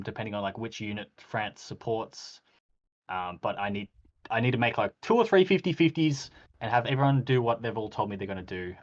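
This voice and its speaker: A man in a casual chat, recounting a game in an animated way, acting out quoted exchanges with plenty of ums. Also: medium pitch, lo-fi sound. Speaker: podcast host reviewing a game.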